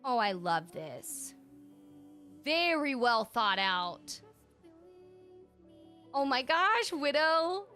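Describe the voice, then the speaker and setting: A woman streamer commenting excitedly on a game, gushing and thinking aloud as she tours player-made spaces. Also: sits high, extremely slow, pauses often, faint music behind.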